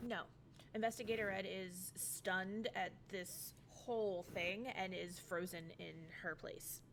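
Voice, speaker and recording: A woman's voice: medium pitch, steady tone, a little slow, fairly bright tone, slight background noise. A woman playing in a tabletop role-play, chatty and amused. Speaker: player.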